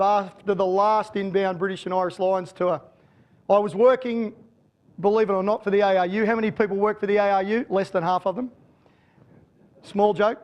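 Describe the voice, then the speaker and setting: A man's voice: high voice, darkish tone. An Australian man giving a conference keynote as a sports strategist, telling stories with jokes. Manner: storytelling, joking. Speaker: guest speaker and sports strategist.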